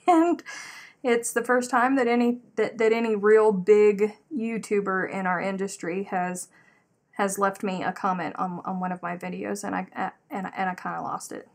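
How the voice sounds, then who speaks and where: A chatty woman hosting a live craft stream, telling stories with lots of animation. She speaks at an ordinary middle pitch in a casual, rambling way and stops to read out comments from her viewers. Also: moderate pace. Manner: animated storyteller, reads out chat comments. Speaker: livestream host. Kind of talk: casual chat while crocheting.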